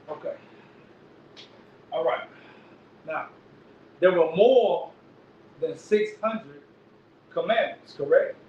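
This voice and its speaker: A man teaching the Bible in an emphatic preaching style, often asking "right?" to his listeners. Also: high voice. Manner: emphatic, repeats lines, asks "right?" often. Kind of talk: street-preaching bible lesson. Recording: echoey, distant, dull lo-fi recording with faint noise.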